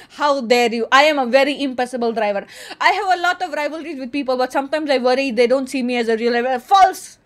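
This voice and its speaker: A streamer with an Indian accent and a high voice chats casually on a livestream. She reads quiz statements aloud and answers them in a playful, boastful way.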